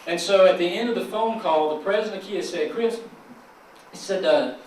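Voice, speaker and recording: A man's voice: high voice, moderate pace, a little mellow, a little hiss or hum. A man with a Southern US accent giving a folksy, joking conference speech to local officials, drawing the audience into call and response. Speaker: chamber of commerce president, keynote speaker. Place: large conference hall. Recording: echoey hall, from far off.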